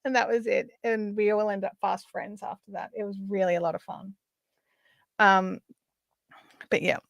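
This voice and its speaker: A middle-aged Australian woman hosting a live craft stream, chatting casually and telling stories as she works, often trailing off into quiet asides. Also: mid-range voice, flat delivery, moderate pace, gravelly, no room sound. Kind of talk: casual chat while crafting.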